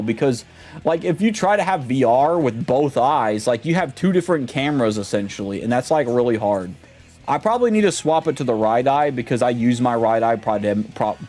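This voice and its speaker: A man's voice: mid-range voice, a little mellow. A young man streaming live, chatting casually in a rambling way full of fillers.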